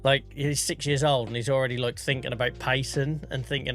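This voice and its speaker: A man's voice: medium pitch, fairly even intonation, normal speed, sharp tone, soft background music. A man in his thirties, a streamer, chatting casually with his viewers, a bit out of breath, greeting people by name and swearing now and then. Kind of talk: casual live-stream chat.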